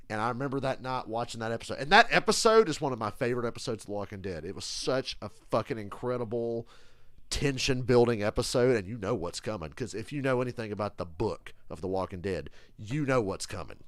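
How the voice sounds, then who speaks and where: Animated, profane man ranting on a stream. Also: medium pitch, fast talker, no echo. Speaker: streamer reacting live to a football game. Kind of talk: casual live-stream chat.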